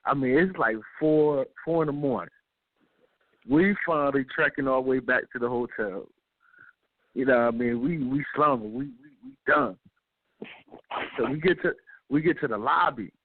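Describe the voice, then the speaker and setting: A man hosting a radio talk show, telling a story in a relaxed, slangy way and often checking in with the listener. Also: mid-range voice, normal speed, creaky, long pauses, dry recording. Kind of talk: casual storytelling. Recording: dry, phone-like radio audio.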